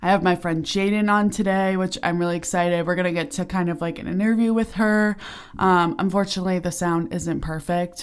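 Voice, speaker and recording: A woman's voice: lowish voice, a little fast, clean tone. Bubbly young woman chatting on a podcast. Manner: bubbly and chatty, many fillers and giggles. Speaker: podcast host. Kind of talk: casual solo podcast chat. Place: small turned-off home sauna. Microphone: podcasting equipment while lying on her stomach.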